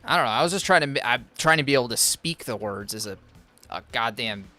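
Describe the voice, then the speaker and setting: A male gaming streamer talks casually to his viewers at a middling pitch. His voice sounds bright and forward, and he rambles in a halting, self-deprecating way. Faint music plays under him. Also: animated.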